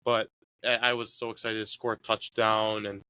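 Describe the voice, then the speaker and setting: Bright-voiced young man, easygoing. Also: fairly low pitch, level tone, moderate pace, clear, resonant tone. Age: young adult. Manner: easygoing, rambling with many fillers. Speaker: guest, college soccer player. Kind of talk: casual interview talk.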